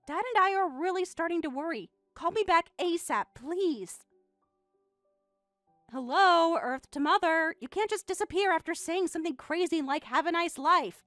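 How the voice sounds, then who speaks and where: A woman's voice: high voice, a bit bright, no echo. A woman voicing a bratty, defensive teenage daughter in a dramatized text-story reading, with a snippy, whiny way of talking. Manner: snippy, whiny, swings to frantic.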